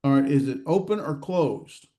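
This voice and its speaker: A man teaching a grammar class, quizzing students and talking haltingly with many fillers and restarts. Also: a little high, animated, mellow. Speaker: Hebrew grammar instructor. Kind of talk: classroom lecture with student questions. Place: classroom or online class session.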